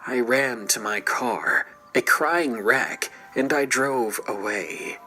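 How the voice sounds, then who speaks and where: A man's voice: fairly low pitch, pushed and bright, rough recording. A man narrating a true scary story in a scripted, dramatic way and dropping into whispers at tense moments.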